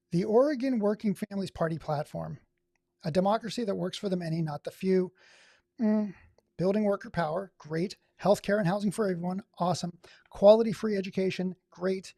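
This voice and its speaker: A man's voice: high voice, normal speed, vocal fry, pauses often, mellow, no room sound, clean studio sound. A man streaming, reading text aloud and riffing on it with sarcastic asides in casual livestream commentary. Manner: sarcastic, reads aloud and riffs.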